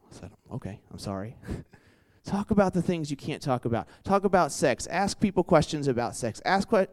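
A man's voice: a little high, darkish tone. A young man giving a casual campus sermon, telling stories and acting out quotes, with many "like"s and restarts. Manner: conversational, lots of "like" and restarts, acts out quotes. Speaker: campus ministry preacher.

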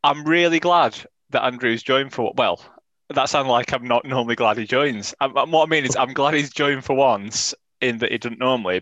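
A man's voice: medium pitch, a bit bright. A man chatting casually on a football podcast, rambling and often correcting himself mid-sentence. His humour is dry. The sound is close and dry, with no room echo. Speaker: podcast co-host.

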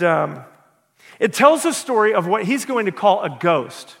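A high-pitched male pastor preaches in an earnest, conversational way, with a gravelly edge to his voice. He stumbles over repeated words now and then and reads passages aloud from a book. The hall gives a long, echoing reverb. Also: a bit bright. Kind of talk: sermon with a book reading.

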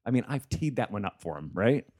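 A male comedian spinning a long story on a podcast, his pitch swinging up and down as he goes. He swears freely and laughs at his own punchlines, in a relaxed, chatty tone. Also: brisk. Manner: animated, profane, laughs often while telling a story. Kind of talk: casual storytelling chat.

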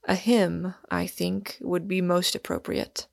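A woman's voice: lowish voice, flat delivery, takes it slowly, vocal fry, dry recording, studio quality, full character voice. Woman voicing a stern, roguish young man. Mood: severe. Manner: severe, mocking authority.

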